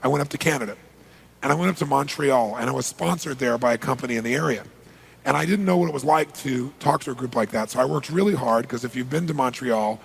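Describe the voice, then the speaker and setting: A man's voice: medium pitch, gravelly, long reverb tail, slight background noise. A man giving a motivational seminar, telling stories energetically, acting out dialogue and asking the audience questions. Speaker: motivational speaker. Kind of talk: live seminar storytelling. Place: large seminar hall.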